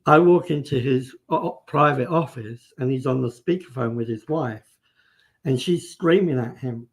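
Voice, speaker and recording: A man's voice: mid-range voice, moderate pace. A man, a guest on a live stream, vividly retelling events in casual storytelling, acting out what people said and restarting his sentences.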